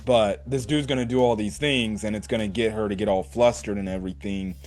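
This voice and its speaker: A man giving a casual video review, animated and laughing often, swearing and tossing in "right?" after his points. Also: lowish voice, brisk. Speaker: anime reviewer.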